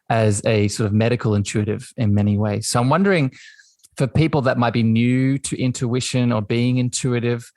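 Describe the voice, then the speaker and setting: A man hosting a podcast, speaking gently and affirmingly, often adding "right?" to his sentences. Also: mid-range voice, no echo. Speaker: podcast host. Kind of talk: conversational interview.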